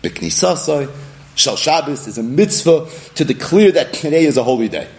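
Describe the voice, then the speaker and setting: A man's voice: on the high side, animated, normal speed, a little mellow. A man giving a Talmud study lecture, animatedly posing questions and then answering them himself. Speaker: Talmud teacher.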